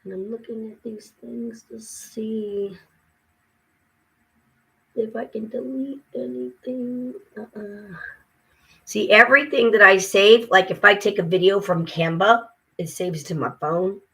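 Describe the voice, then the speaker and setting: Worn out woman ranting to camera, breathy, fed up and sarcastic. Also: mid-range voice, steady tone, takes it slowly, fairly bright tone, rough recording. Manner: weary and frustrated, venting with mocking asides. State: exhausted. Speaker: vlogger. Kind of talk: casual talk to camera.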